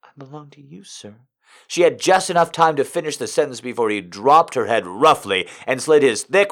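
A man narrating an audio story in an expressive, measured way. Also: mid-range voice.

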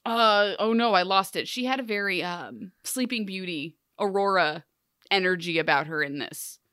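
A young woman chats through a TV episode in an animated, joking way, throwing in quick silly voices for each character. Her voice sits in a middle range and the sound is close and dry, with no room around it. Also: medium pitch, smooth, no echo. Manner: animated, acts out characters' lines in jokey voices. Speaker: podcast co-host. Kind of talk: casual chat recapping a TV episode.

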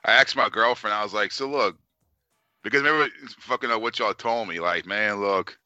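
A man's voice: fairly low pitch, moderate pace, smooth, no room sound, highs cut off, soft background music. A man telling stories casually, swearing constantly and acting out what people said. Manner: animated, swears constantly, acts out quotes. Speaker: podcast co-host. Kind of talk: casual profane storytelling.

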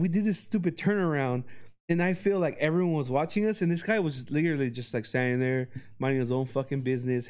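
A man telling a story to friends in a casual, animated, profane way, laughing as he goes. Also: medium pitch. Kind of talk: casual chat.

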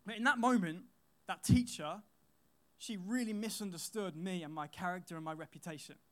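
A man's voice: high-pitched, moderate pace. A young man, giving a casual youth sermon in a chatty storytelling manner with fillers and repeated phrases. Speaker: youth speaker.

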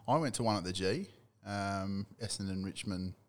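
A man's voice: sits low, normal speed. A middle-aged Australian man in casual sports chat, laid-back, swearing freely and laughing often. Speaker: podcast co-host.

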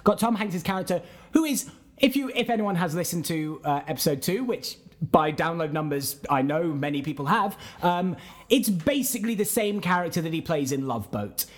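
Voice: mid-range voice, lively intonation, normal speed. A podcast co-host casually recapping a film, chatty with frequent fillers and laughs.

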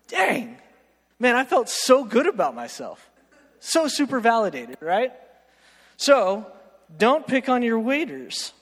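High-voiced preacher telling stories in a hall. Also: male voice. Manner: animated, self-mocking storyteller, keeps asking "right?". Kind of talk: storytelling sermon. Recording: long reverb of a large hall.

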